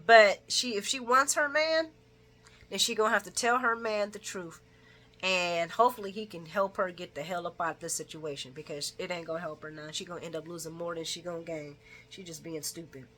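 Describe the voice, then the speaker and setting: Chatty woman host, bright voice, casual recap with frequent laughs and quoted lines. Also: fairly quick. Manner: chatty, laughs often, acts out characters' lines in a higher voice. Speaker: soap opera recap vlogger.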